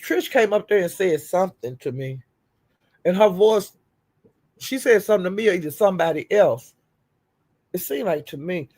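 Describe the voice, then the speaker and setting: A woman's voice: on the low side, darkish tone. A woman hosting her own livestream, telling stories in a profane, laughing, casual rant. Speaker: livestream host.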